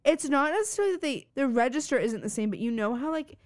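Woman, podcast co-host, slightly high voice, dry close sound, teasing, playful. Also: animated, no echo. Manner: teasing, playful, quick with jokes. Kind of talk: casual chat recapping a TV episode.

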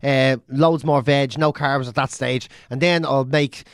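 An Irish man co-hosting a podcast in casual chat, swearing freely and launching into animated rants. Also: mid-range voice, a little slow, smooth, no room sound, clean studio sound. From Ireland. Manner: swears constantly, animated rants with mimicked drum sounds. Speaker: podcast co-host.

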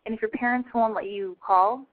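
A brash woman hosting a call-in talk show, with a fairly high voice and giddy, swearing chatter. The sound is thin and narrow, like a phone line. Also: brisk. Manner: brash, giddy, profane, animated. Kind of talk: casual talk radio monologue.

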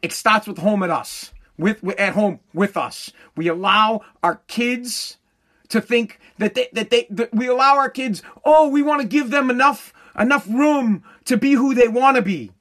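A man delivering a profane comedic rant, loud and full of stammered repetitions. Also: very high voice, normal speed.

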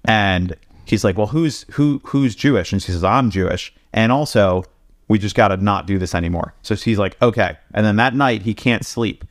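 A man co-hosting a podcast, retelling a story casually and profanely, slipping quick quoted lines into it. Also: fairly low pitch, dry recording, clean studio sound. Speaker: podcast co-host. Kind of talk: casual storytelling among friends.

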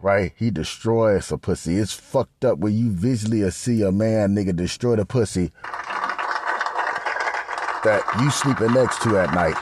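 A man hosting a podcast in crude, rambling casual commentary that swings up loud and high when he gets worked up. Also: unhurried, very noisy. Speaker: podcast host. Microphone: podcast mic.

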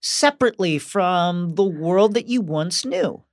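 A woman's voice: on the low side, expressive, a little slow, no echo, clean studio sound. A woman co-hosting a podcast, thoughtful and playful in a casual book discussion. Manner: thoughtful, playful, reads passages aloud. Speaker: podcast co-host.

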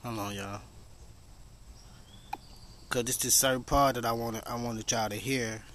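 A man's voice: mid-range voice, fairly even intonation, measured pace, fairly bright tone, a little hiss or hum. A man hosting a podcast in a casual monologue, emphatic, profane and preachy, rambling as he goes. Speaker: podcast host.

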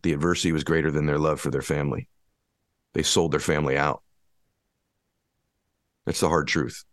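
A man's voice: very deep voice, steady tone, moderate pace, dry recording. A man giving an impassioned motivational talk, hammering his points with repeated rhetorical questions. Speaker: motivational speaker.

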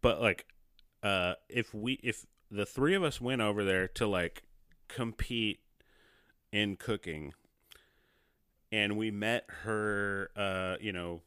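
A man with a bright, crisp, somewhat low voice co-hosting a podcast in a dry, close sound. He is blunt and swears freely, laughing often as he talks. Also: takes it slowly, long pauses, no room sound. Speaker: podcast co-host. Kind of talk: casual chat.

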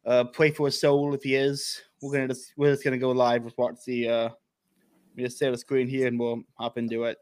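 An American man hosting a casual reaction chat, joking and emphatic, quick to mock himself. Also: medium pitch, level tone. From United States. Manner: joking, emphatic, self-mocking. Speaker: host.

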